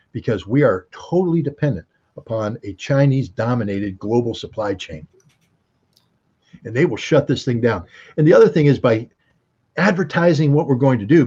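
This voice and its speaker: A man's voice: mid-range voice, mellow, slightly rough. A man giving emphatic, sardonic commentary in an interview, full of rhetorical questions. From United States. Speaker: guest commentator. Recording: dull lo-fi recording.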